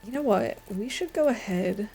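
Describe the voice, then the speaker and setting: A young adult woman streamer chatting casually while playing a game, reading chat aloud and dropping quiet asides. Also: mid-range voice, animated, moderate pace, husky. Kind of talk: casual gameplay commentary.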